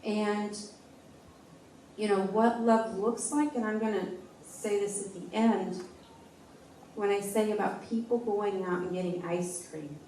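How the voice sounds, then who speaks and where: Slow, soft-toned woman giving a testimony. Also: medium pitch, steady tone, a little hiss or hum. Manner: halting, heartfelt, with frequent restarts. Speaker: speaker sharing a personal testimony. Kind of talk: personal testimony talk. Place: church meeting room. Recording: echoey room, voice from a distance.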